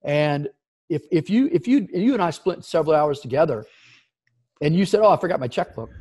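A man in middle age tells a lively story as an interview guest, with a fairly high voice. He jumps into the voices of the people he talks about and keeps the tone loose and conversational. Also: brisk, breathy edge. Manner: animated storyteller, acts out quoted voices.

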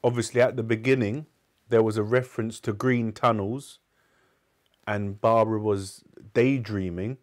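A man's voice: on the low side, steady tone, moderate pace. A man hosting a book club, reading a short story aloud and then chatting casually with listeners. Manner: casual, chatty, hesitant when speaking off the page.

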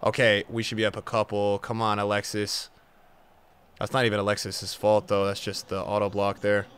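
A young man commentating his own football video game match as a streamer, swinging from low muttering to loud outbursts. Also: monotone, normal speed, clear, resonant tone. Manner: emotional, swings from muttering to shouting. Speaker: gaming streamer. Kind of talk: live gameplay commentary.

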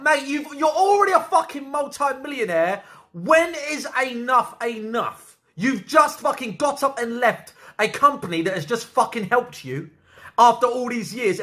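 A man's voice: extremely high pitch, sharp tone. A man ranting angrily at a streamer, swearing heavily and scolding him over and over. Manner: swearing, scolding, repeats insults. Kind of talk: angry rant to camera.

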